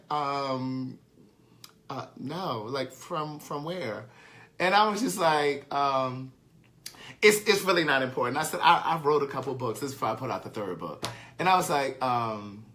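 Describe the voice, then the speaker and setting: A man tells a personal anecdote straight into the camera. His voice is bright and sits a little high. His delivery is loose and chatty, with swearing and easy laughter at his own expense. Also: slight background noise. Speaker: author and live-streamer. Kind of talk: casual storytelling monologue.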